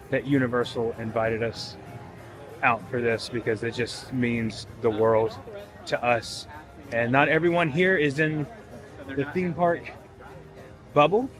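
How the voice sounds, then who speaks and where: A man narrating a walking vlog outdoors at a theme park event, excited and chatty, talking straight to his viewers. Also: medium pitch. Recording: crowd noise behind.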